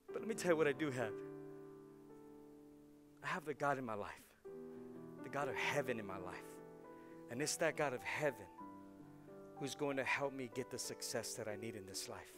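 A man in his forties, a pastor preaching a lively sermon, laughing often and repeating words as he gets worked up. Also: mid-range voice, normal speed, long pauses, over music. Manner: animated, laughing, repeats words when excited.

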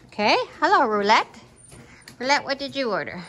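Bright, teasing flight attendant woman. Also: mid-range voice, expressive, normal speed. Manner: cheery, teasing cabin-crew patter. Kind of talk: playful mock in-flight meal service. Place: outdoors feeding horses.

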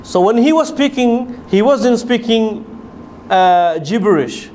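In a lecture room in a city of pilgrimage, a pilgrimage-programme lecturer addresses a group on religion, speaking in a very high, slightly mellow voice at a measured pace. His long explanations are full of fillers, restarts, and questions put to the audience, and a faint hiss or hum runs underneath.

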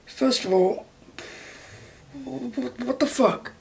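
A man's voice: very high voice, takes it slowly, creaky. A man delivering an indignant, heated commentary rant to camera, swearing often and repeating phrases for emphasis. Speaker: YouTube commentator.

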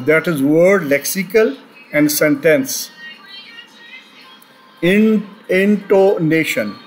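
A man giving a recorded linguistics lecture, pausing often with fillers and restarts. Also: a little high, rough recording. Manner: halting, many fillers and restarts. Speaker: teacher.

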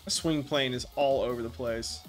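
A man speedrunning a golf game, commenting out loud with frequent swearing and frustrated outbursts. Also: medium pitch, fairly even intonation, moderate pace, faint music behind. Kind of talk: profane live gameplay commentary.

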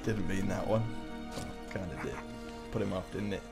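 A young man giving excitable live gameplay commentary, often breaking into shouts and laughter. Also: low voice, normal speed, gravelly. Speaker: gaming YouTuber. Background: loud game music and gunfire.

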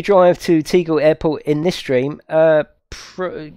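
A man giving excitable, chatty live commentary while streaming a game and talking to his viewers. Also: a little high, slow pace, smooth, no room sound.

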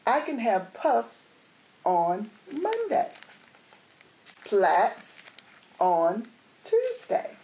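A sulky young girl from a storybook, voiced by a woman speaks in a high, childish, singsong voice. Her words come slowly and draw out, as if each one is being sulked over. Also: lively intonation, a little mellow, exaggerated voice, poor audio. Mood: excited. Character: young girl who hates her hair.

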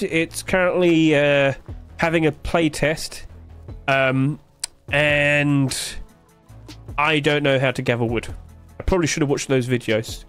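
A man's voice: a little high, a bit bright. A man giving casual gameplay commentary, thinking aloud, puzzled and joking, with plenty of fillers. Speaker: streamer playing a game.

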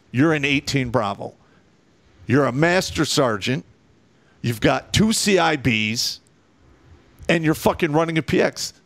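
A man, a military veteran, telling war stories in a casual, profane and animated way. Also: mid-range voice, gravelly, no echo.

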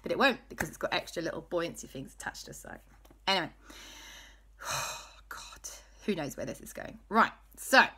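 A woman spins an improvised children's story with playful asides. Her bright voice swings widely in pitch and sinks to hushed tones for spooky moments. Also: sing-song, moderate pace, pauses often, slightly rough. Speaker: storyteller host.

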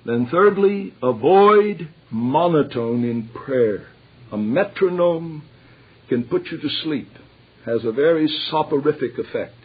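A man's voice: on the high side, expressive, slow pace, breathy edge. An older man giving an earnest, emphatic lecture on pastoral theology, reading quotations aloud to his class. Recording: tinny lo-fi lecture recording.

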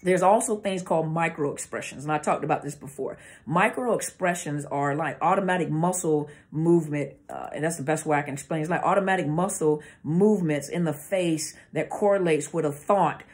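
Fairly quick and with few pauses, a woman with a low, darkish voice talks to camera as a therapist explaining narcissistic abuse. Her informal, conversational delivery often stalls as she hunts for words and restarts. The audio comes from the camera mic.

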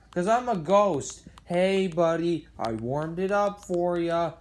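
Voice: medium pitch, expressive, takes it slowly, hardly any pauses. A parody video maker giving a silly, rambling improvised voice-over, arguing back and forth with itself.

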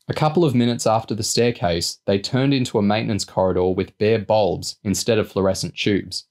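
A man with a lowish voice reading a novel aloud. His narration is steady and even, carrying the story along between character lines. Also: a little fast, few pauses. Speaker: reader. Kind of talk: audiobook reading.

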